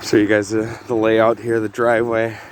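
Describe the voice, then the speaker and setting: A man's voice: lowish voice, a little hiss or hum. Young male vlogger, easygoing and rambling, outdoors with a faint idling engine behind. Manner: relaxed, rambling with frequent "uh" pauses. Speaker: homestead vlogger. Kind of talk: casual outdoor vlog narration. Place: outdoors on a snowy rural property.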